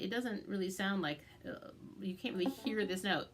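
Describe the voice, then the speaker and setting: Lady walking you through a banjo tune, patient and step by step, banjo plucking loud in the mix. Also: mid-range voice, moderate pace, hardly any pauses, music in the background. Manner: patient step-by-step explaining, chants picking rhythms. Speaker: banjo teacher. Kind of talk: instructional music lesson. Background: loud banjo playing.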